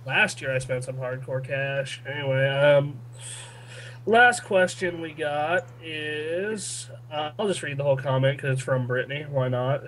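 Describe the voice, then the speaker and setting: A man's voice: a little high, fairly even intonation, unhurried, a bit bright, slight background noise, rough recording. A young man co-hosting a casual gaming podcast, rambling with lots of fillers and restarts. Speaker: podcast co-host reading listener questions. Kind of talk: casual chat.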